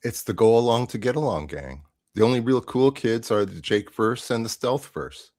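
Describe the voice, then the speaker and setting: A man guesting on a live stream, teasing the host in a deadpan way. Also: medium pitch, normal speed, no echo, clean studio sound. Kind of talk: casual stream chat.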